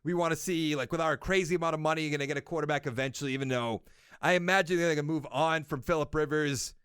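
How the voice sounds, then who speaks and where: A man's voice: fairly high pitch, fast talker, fairly bright tone, clear, resonant tone, no room sound, clean studio sound. A young man hosting his own casual sports podcast alone, rambling and correcting himself as he thinks aloud. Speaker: podcast host.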